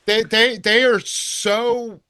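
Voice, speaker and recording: Southern man, bright voice, dry mic. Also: sits high, little pitch movement, slow, smooth, dry recording. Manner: laid-back, rambling, profane recap. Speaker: podcast co-host. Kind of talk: casual horror movie review chat.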